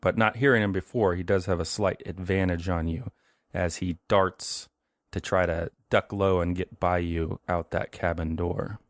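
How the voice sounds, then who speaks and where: A man narrating a tabletop horror game as game master, in a relaxed, chatty way. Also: deep voice, normal speed, dry recording, studio quality.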